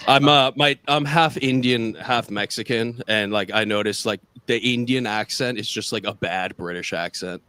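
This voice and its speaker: A man's voice: fairly low pitch, moderate pace, few pauses, pushed and bright, smooth. A young American man doing a stand-up set over a video call, rambling and self-mocking, with many filler "like"s. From United States. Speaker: stand-up comedian.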